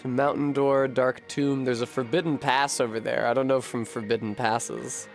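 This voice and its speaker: A man streaming a video game, chatting casually and thinking aloud to his viewers, swearing freely and getting animated. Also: medium pitch, moderate pace, soft background music. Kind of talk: casual live-stream chat while gaming.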